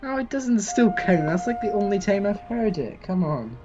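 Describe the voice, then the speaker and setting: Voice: mid-range voice, very animated, normal speed, a little mellow, dull audio, soft background music. A streamer chatting casually while playing a building game, reading and answering viewers in chat. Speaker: live-streamer. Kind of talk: casual gameplay live stream.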